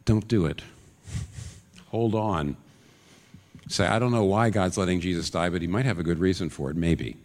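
A man's voice: sits low, moderate pace, long pauses, darkish tone. A man preaching a sermon in an earnest way, his voice climbing into urgent questions. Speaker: pastor. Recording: long reverb of a large hall.

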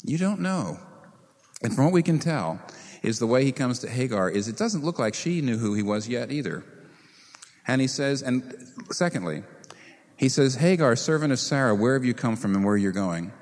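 A man preaching a sermon as pastor, animated, asking his listeners rhetorical questions. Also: medium pitch, moderate pace. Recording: reverberant hall.

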